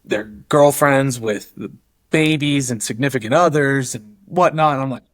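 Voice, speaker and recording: A man appears as a podcast guest, casually and animatedly telling a story, acting out other people's voices and using many fillers. His voice is medium-pitched and unhurried, with a dry, clean studio recording.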